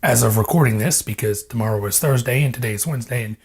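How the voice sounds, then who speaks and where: Talking fast in a mid-range voice that's creaky, husky and a little mellow, this young cooking vlogger rambles, jokes and swears through a casual home video. A lavalier mic picks him up in the kitchen, where a fridge hums behind him.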